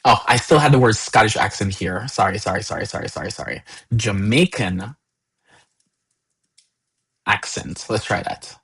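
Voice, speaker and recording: Husky male instructor, casual and repetitive, running a live tech workshop. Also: fairly low pitch, expressive, moderate pace, pauses often, a bit bright, rough recording. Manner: conversational, repeats words, many fillers.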